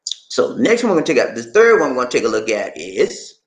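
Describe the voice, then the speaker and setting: An American man giving casual advice in a vlog, telling animated stories and laughing often. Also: mid-range voice, fairly quick, slightly rough. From United States. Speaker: vlogger.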